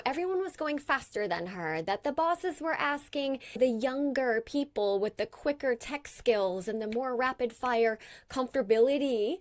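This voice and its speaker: A woman hosting an interview podcast with a somewhat high-pitched voice. She thinks aloud as she goes, reflecting her guest's points back in her own words before asking the next question. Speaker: podcast host. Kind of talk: conversational interview.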